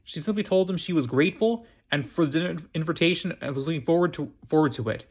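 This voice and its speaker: A man reading a novel aloud for his storytime channel, halting with frequent restarts and repeated phrases. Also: fairly high pitch. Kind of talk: amateur book reading.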